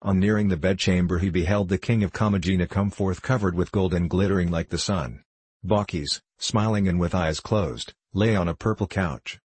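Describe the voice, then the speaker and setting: A man narrating a story for an audiobook in a steady, even way. His voice is low and husky, and the recording is dry and close with no room sound. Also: moderate pace, dry recording, rough recording. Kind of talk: scripted narration.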